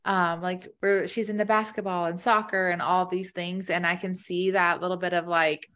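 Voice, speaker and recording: Lowish-voiced mom rambling casually. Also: female voice, flat delivery, normal speed, fairly bright tone. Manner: rambling, lots of "like" fillers. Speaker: podcast co-host. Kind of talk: casual chat.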